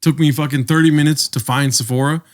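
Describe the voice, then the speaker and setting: A man's voice: on the high side, fairly even intonation, quick pace. A young man co-hosting a podcast, telling a long rambling story with lots of swearing. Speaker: podcast co-host. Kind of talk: casual chat.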